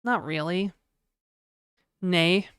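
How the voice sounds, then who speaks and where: Woman streamer, laid-back and slangy, slow and low-pitched, smooth voice, dry close sound. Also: fairly bright tone, no echo. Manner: laid-back, slangy, sighing and chatting to viewers. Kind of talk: casual live-stream chat.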